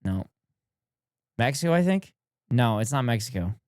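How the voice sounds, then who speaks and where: Excitable male streamer, dry sound. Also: mid-range voice, moderate pace, clean tone, no echo. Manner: excitable, repeats phrases, laughs often. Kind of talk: casual reaction commentary to chat.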